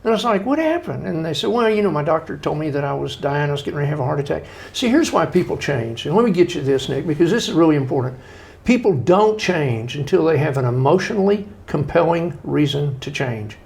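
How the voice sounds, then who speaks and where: Gravelly, high-ish middle-aged man; animated storytelling guest. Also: fast talker. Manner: folksy, animated storytelling with acted-out quotes. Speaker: guest author. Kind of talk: conversational interview.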